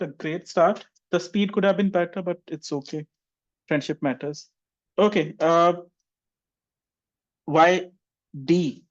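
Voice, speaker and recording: A man's voice: fairly high pitch, dull audio. A man teaching an online English exam class and giving chatty, teasing feedback to students. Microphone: video call.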